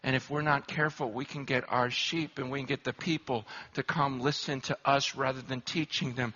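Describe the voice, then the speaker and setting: A pastor preaching a sermon, moving between hushed, low storytelling and loud, impassioned exhortation. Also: male voice, fairly even intonation, moderate pace, hardly any pauses, husky. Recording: dull lo-fi recording.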